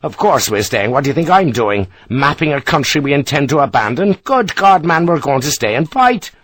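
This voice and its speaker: A man voicing an ebullient, middle-aged Irish engineer captain who speaks briskly and emphatically, with an Irish accent. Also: fairly high pitch, very animated, fairly bright tone, no echo, voice pushed up.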